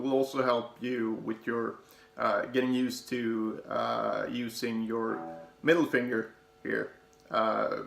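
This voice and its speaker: A man teaching guitar in a casual, halting way, with many fillers and restarts, counting notes aloud as he plays. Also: medium pitch, creaky, a bit bright. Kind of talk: casual instructional talk. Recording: echoey room with guitar playing.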